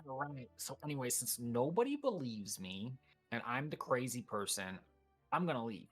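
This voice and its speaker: A man's voice: medium pitch, sing-song, normal speed, soft background music. A man playing a tabletop game, speaking in a sarcastic, dry way. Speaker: player. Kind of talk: tabletop role-play.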